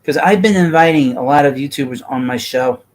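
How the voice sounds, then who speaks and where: A man's voice: mid-range voice, brisk, poor audio. Blunt New York man hosting a stream. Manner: blunt, rambling, talks to chat. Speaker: baseball livestream host. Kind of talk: casual livestream chat.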